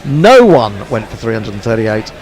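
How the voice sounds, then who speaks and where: A man doing relaxed ball-by-ball cricket commentary on an internet radio stream, chatty and dry, with plenty of fillers. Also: on the low side, moderate pace. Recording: faint background noise.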